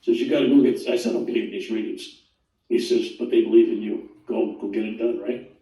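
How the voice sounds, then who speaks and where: Older man, rambling animated storyteller, mellow tone, distant mic, roomy echo. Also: lowish voice, quick pace. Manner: rambling, animated, quotes voices. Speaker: guest telling his near-death story. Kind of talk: casual storytelling interview.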